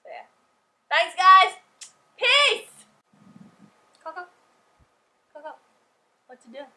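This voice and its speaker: A high-voiced woman talking straight to her own channel from home. She is excitable and gushing, with a bright, tense edge to her voice. Her casual swearing keeps the chat loose and unpolished. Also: takes it slowly, rough recording. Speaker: YouTuber. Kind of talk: casual vlog unboxing. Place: at home indoors.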